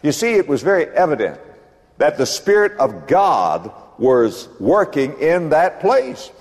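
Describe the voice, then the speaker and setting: An older man preaches from the pulpit, his voice leaping high and dropping low with dramatic flair. His tone sits a touch higher than most men's. The sound carries the long reverb of a church hall. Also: huge pitch swings, measured pace. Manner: dramatic preaching, swings between booming and hushed. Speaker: pastor. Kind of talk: sermon. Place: church building.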